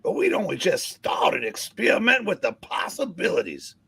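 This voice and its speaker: A brassy, drawling superheroine belts out her lines like a southern belle, voiced by a man. Her voice sits up high and swings wildly. Raspy grit runs through it, all comic-book bluster. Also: huge pitch swings, normal speed, full character voice. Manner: shouty, drawling, exaggerated. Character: Invisible Woman as a loud southern belle. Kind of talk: comic book read-aloud.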